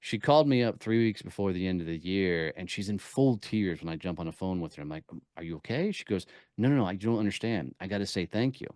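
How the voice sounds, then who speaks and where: A man talking as a podcast guest, telling energetic stories with punchy emphasis. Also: low-pitched, fast talker, hardly any pauses, no echo, clean studio sound. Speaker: podcast guest, networking speaker. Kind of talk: casual interview talk.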